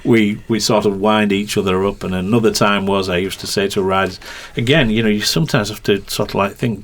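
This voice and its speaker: A man's voice: on the low side, fairly even intonation, a little fast, hardly any pauses. A man, a motorcycle racing commentator, telling rambling anecdotes in a podcast interview with many restarts and a ready laugh.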